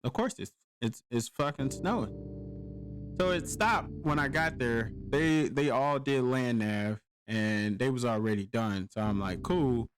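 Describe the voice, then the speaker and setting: A man's voice: mid-range voice, unhurried. A man, telling a profane war-story anecdote in casual podcast chat, acting out his own past lines. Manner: profane, animated storytelling with quoted exclamations. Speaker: podcast host, army veteran.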